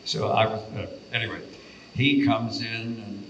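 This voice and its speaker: A man's voice: fairly low pitch, fairly even intonation, unhurried, a bit bright, lo-fi sound, a little hiss or hum. An older man, a voice actor on a convention panel, reminiscing admiringly about studio days. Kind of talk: anecdotal panel storytelling. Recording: echoey room.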